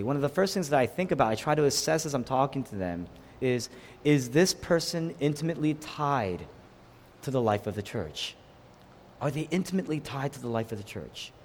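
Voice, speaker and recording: A middle-aged man preaches a sermon in a church sanctuary, his somewhat high voice rising and falling with lively emphasis. He repeats key phrases for weight, shifting between ringing declarations and quiet, intimate lines. A long reverb from the hall trails each sentence. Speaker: pastor.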